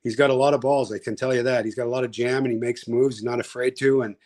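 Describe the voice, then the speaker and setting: A man's voice: medium pitch, steady tone, fast talker, darkish tone. Easygoing male hockey guest. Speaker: guest, former player. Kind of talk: casual chat.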